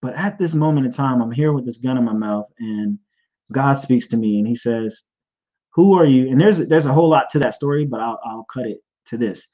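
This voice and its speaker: A man speaking in a middle-pitched voice on his own podcast, telling a personal story. His talk is earnest and rambling, full of restarts and repeated words. The sound is dull and lo-fi. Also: a little fast, warm tone. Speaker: podcast host. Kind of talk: personal testimony.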